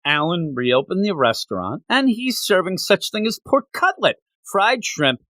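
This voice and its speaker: A man co-hosting a manga review show in casual chat, retelling scenes in an animated way with quick asides. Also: high voice, dry recording. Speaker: podcast co-host reviewing manga.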